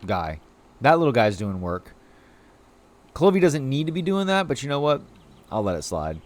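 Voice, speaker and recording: A man's voice: medium pitch, very animated, moderate pace, darkish tone. A man streaming a video game live, chatting casually with his viewers as he plays. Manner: chatty, talks to chat while playing.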